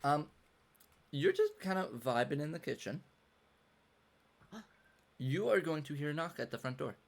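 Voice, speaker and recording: Halting man running a tabletop game. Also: a little high, big pitch swings, gravelly. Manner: halting, filler-heavy narration. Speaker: game master. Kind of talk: narrating a tabletop game online. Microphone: video call.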